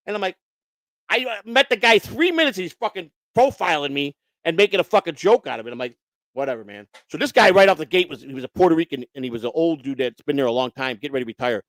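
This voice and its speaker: A man rattles off a story at a quick clip in a fairly high voice, blunt and full of curses. He restarts his sentences often. The sound is close and dry, with no room around it. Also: animated, a bit bright, no echo. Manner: blunt, profane, rambling with many restarts. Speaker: host. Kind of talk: casual storytelling chat.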